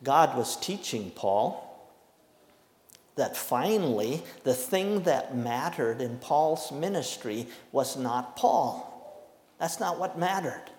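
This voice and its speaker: A man preaching a sermon, emphatic, with slow deliberate stresses and dramatic pauses. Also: mid-range voice, lively intonation, a little mellow. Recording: echoey hall with long reverb.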